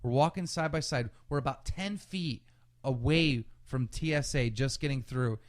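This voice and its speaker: A male podcast co-host speaks at a moderate pace in a mid-range voice. His storytelling is casual, profane, and animated, with quotes from people acted out.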